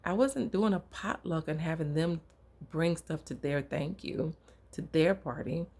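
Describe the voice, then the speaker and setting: A woman preaching an informal sermon, telling a personal story in a conversational, lively way. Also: sits low, unhurried, husky.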